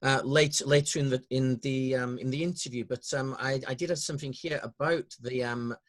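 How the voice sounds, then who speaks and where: A man with a northern English accent hosting an interview podcast, talking in a hesitant way with many pauses and restarts. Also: mid-range voice, steady tone. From northern England. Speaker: podcast host. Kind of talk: conversational interview.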